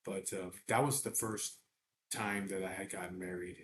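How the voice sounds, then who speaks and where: Low-pitched and fairly bright, the middle-aged man's voice keeps a fairly even intonation at a moderate pace. His personal tale comes out blunt, profane and casual, with double negatives. There's echo and faint background noise.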